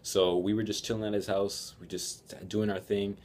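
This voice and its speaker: Teen vlogger guy, very low voice, rambly and swearing, telling a story. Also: level tone, moderate pace, a little mellow, slight background noise. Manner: rambling, profane, laughing. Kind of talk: casual storytelling vlog.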